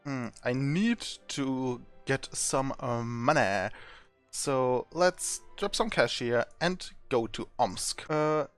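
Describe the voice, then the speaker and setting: A man's voice: mid-range voice, slow pace, soft background music. A man hosting a gameplay video, reading the game's text aloud and joking and laughing along as he plays. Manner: playful, laughing, swears casually. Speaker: let's play host.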